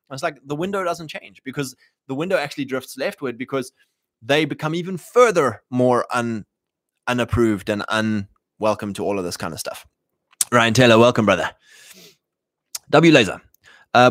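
This livestream host talks fairly quickly in a medium-pitched, slightly bright voice with lively intonation. He rambles through offhand political commentary, stumbling over fillers and restarts and performing the quotes he cites. The studio-quality recording has no echo.

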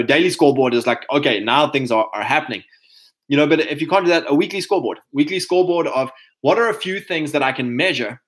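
Rambling man with a higher voice. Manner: rambling, conversational, many fillers and restarts; addresses listeners as chaps. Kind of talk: casual motivational talk to men.

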